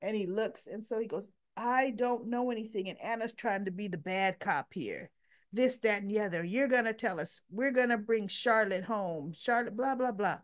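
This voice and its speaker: A woman's voice: medium pitch, normal speed. A middle-aged woman casually recapping a soap opera episode, retelling the scenes through quoted dialogue and blunt asides.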